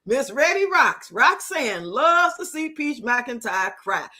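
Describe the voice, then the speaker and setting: Young woman streamer, high bright voice, loud, profane, teasing chat host. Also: very animated, slow pace. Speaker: livestream host. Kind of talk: casual live-stream chat reacting to a reality show.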